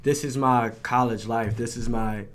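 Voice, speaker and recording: A young man from New York talks casually as a podcast guest. He keeps a middle pitch and loops his thoughts through "like" and "you know what I'm saying," a loose, rambling manner. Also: steady tone, moderate pace. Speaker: guest, rapper and former soldier. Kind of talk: casual interview chat.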